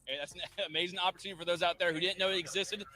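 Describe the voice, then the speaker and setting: Male live-stream interviewer, brisk and encouraging, slightly high voice. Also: steady tone, bright, forceful tone, faint music behind. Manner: quick, encouraging, frequent affirmations. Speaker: livestream interviewer. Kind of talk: casual interview.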